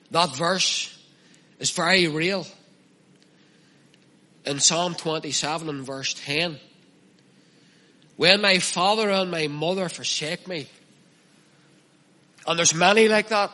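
A man's voice: fairly high pitch, slow pace, pauses often, bright, forceful tone. A man preaching a sermon in an earnest manner, repeating and stressing his key phrases. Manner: earnest, repetitive emphatic preaching.

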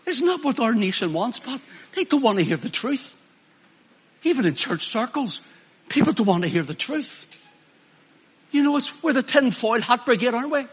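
A man's voice: very high-pitched, sing-song, normal speed, pauses often, breathy edge. A man preaching a sermon in an emphatic way, acting out quoted voices with mocking asides.

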